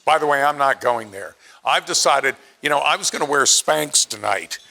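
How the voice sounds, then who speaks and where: A Pennsylvania man in his late seventies gives a chatty, self-deprecating after-dinner speech, acting out the quotes in his stories. His medium-pitched voice has lively intonation, vocal fry and a sharp tone, at a moderate pace.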